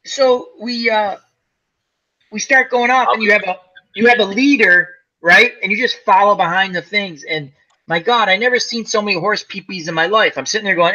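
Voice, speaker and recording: A man's voice: high voice, moderate pace, pushed and bright, dull audio. A man telling a long, funny story in a casual chat, acting out quotes and swearing freely. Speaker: podcast co-host telling a story.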